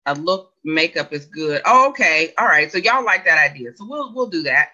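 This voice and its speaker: A deep-voiced woman, very animated and speaking at a moderate pace with a sharp tone, reads her viewers' comments on a casual livestream. In her forties, she's chatty and rambling, often questioning herself and laughing. The recording is dull and lo-fi.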